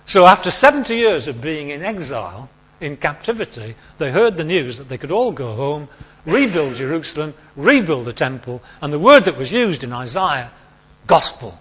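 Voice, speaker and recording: Chatty preacher, lo-fi recording. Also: male voice, fairly high pitch, big pitch swings, moderate pace, fairly bright tone, slightly rough. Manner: chatty, emphatic, repeats key phrases. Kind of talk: informal sermon.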